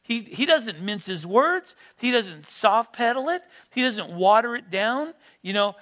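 A man preaching a sermon, rising to loud, emphatic peaks and then dropping back to quiet teaching. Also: high voice, animated, unhurried, few pauses.

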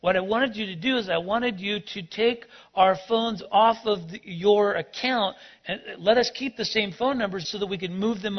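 A man's voice: sits high, husky. A man telling a personal story in a sermon, acting out both sides of the conversation. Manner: animated storyteller, acts out dialogue. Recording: dull lo-fi sound.

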